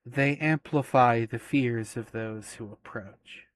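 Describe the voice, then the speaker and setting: Casting: a man playing a solemn ancient female statue, hushed, unhurried, dry close sound. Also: mid-range voice, dry recording, natural voice.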